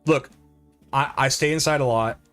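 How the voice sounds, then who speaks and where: A middle-aged man chatting on a live gameplay stream, his voice at an ordinary mid pitch. He rambles through stories with plenty of fillers and pokes fun at himself. Soft game music plays faintly underneath. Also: normal speed. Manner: rambling, self-deprecating storytelling with lots of fillers. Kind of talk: casual live-stream chat over gameplay.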